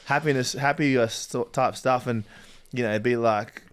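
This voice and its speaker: A man's voice: medium pitch, fairly even intonation, moderate pace, smooth. An Australian man from Western Australia, a footballer guest telling stories in casual chat and laughing often. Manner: chatty storyteller, laughs often.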